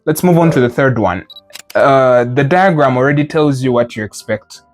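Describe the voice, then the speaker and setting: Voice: mid-range voice, animated, moderate pace, faint music behind. A Mandarin teacher leading a live group lesson, patiently correcting students and explaining with playful imagery. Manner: models sounds, then explains with playful imagery.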